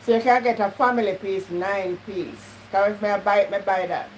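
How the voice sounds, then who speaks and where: A woman's voice: medium pitch, normal speed, a little hiss or hum, low-quality recording. A woman with a Jamaican accent hosting a live stream, slipping into patois and talking straight to her viewers. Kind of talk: casual live-stream chat.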